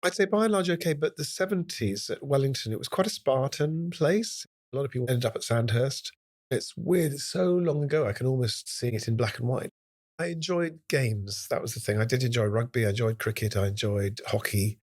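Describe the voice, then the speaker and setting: A man in his sixties from Scotland, telling lively anecdotes as a guest in a conversational interview. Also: mid-range voice. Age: 60s. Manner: animated anecdotes, drifting into quick bursts. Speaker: guest, impressionist. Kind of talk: relaxed storytelling interview chat.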